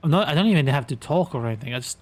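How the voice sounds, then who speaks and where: A man's voice: medium pitch, expressive, rapid-fire. A young man streaming a game live, chatting casually, thinking aloud, trailing off and chuckling often.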